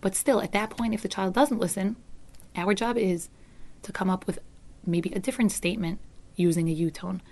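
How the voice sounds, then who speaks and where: A woman's voice: medium pitch, steady tone, moderate pace, a little mellow. A middle-aged woman parenting educator giving an earnest talk to parents. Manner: earnest, acts out teacher voices in quotes.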